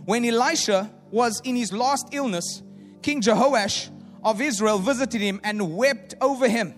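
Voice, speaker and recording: A high-pitched male preacher, booming through a big reverberant hall with faint music underneath. He preaches with animated energy, acting out doubters' voices and swinging between loud declarations and hushed asides. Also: unhurried. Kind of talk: sermon.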